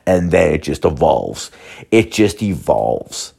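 A man's voice: extremely low pitch, sing-song, slow pace, vocal fry, warm tone, breathy edge. A man hosting a solo podcast from home, telling a profane, rambling story full of filler words. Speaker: podcast host.

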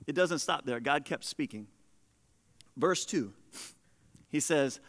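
Animated high-voiced male preacher in a hall. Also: takes it slowly. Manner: animated preaching, swings between soft and loud. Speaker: pastor. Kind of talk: sermon.

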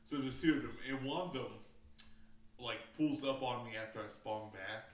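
A man with a medium-pitched voice and moderate pace tells gaming stories in a casual chat, swearing freely and using lots of fillers. The recording is roomy, with a distant mic and faint ambience.

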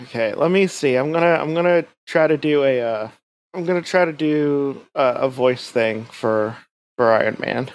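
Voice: mid-range voice, moderate pace. A podcast host chatting casually about comics, rambling with frequent restarts. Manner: rambling, many fillers and restarts. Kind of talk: casual comic-book chat.

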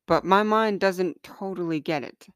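Woman reading her own book real slow, smooth voice, dry close mic. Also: lowish voice, no room sound. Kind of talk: slow, earnest reading of personal letters.

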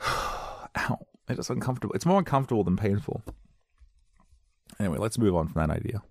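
Man, low gravelly voice, dry close sound, rambling jokey podcast chat. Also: animated, quick pace, darkish tone, dry recording. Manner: jokey, self-deprecating, slips into silly voices. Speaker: podcast host. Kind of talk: casual rambling monologue.

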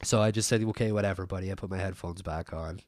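A man's voice: sits low, steady tone, fast, darkish tone, no echo, clean studio sound. A man telling a story in a casual, rambling way, swearing and stumbling over fillers and restarts.

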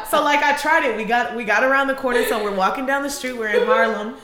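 A woman podcast co-host from Illinois chatting casually, telling stories with lots of laughter and loudly acted-out quotes. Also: a little high, fast, reverberant, heavy background noise. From Illinois, USA. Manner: animated storytelling, laughs often, acts out quotes loudly. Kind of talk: casual chat.

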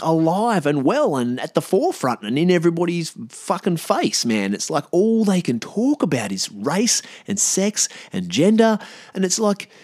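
A man with an Australian accent, hosting a podcast in a casual monologue, blunt and profane, his pitch and volume jumping up when he gets worked up. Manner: profane, heated and blunt, with sudden rises in pitch and loudness. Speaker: podcast host.

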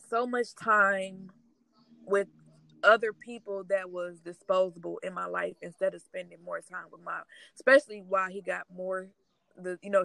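A woman speaking in a halting, tearful way, sharing her grief in a casual conversation. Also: medium pitch, creaky, fairly bright tone, dry recording, low-quality recording. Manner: halting, tearful, trying not to cry. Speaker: grieving sister sharing her story.

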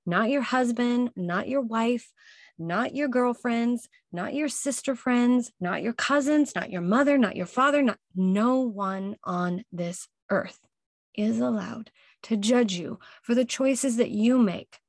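A woman's voice: a little high, takes it slowly, dry recording, studio quality. A woman hosting a motivational self-help podcast, speaking emphatically and repeating her key phrases to encourage listeners. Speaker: podcast host.

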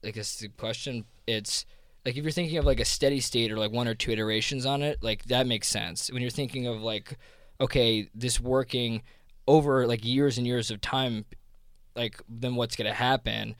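A man's voice: mid-range voice, steady tone, normal speed, a bit bright. South jersey guy rambling in a chat, tons of likes and restarts, dry sound, no room echo. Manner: rambling, many fillers and restarts. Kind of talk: casual conversation.

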